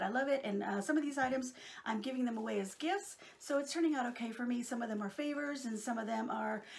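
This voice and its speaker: A middle-aged Texan woman chatting casually to her viewers, rambling warmly with many fillers. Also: fairly high pitch, vocal fry. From Texas, USA. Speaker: crafting vlogger.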